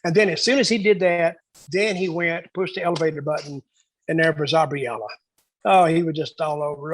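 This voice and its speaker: A man's voice: a little high, fairly even intonation, fairly quick, no room sound, rough recording. A man in a casual interview, telling rambling backstage stories and acting out the lines of the people in them. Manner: rambling storyteller who acts out quoted dialogue. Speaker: guest storyteller.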